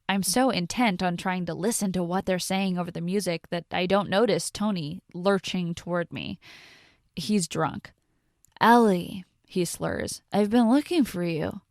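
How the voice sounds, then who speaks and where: A woman reading a first-person story in a steady, intimate narration. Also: fairly low pitch, gravelly, no room sound, studio quality.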